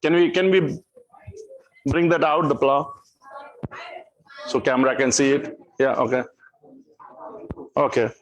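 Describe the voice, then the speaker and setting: A man's voice: mid-range voice, measured pace, pauses often, dull audio, a little hiss or hum. A man hosting a live charity auction at a temple celebration, calling out and directing people. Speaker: temple event host. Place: temple hall, also streamed on a video call.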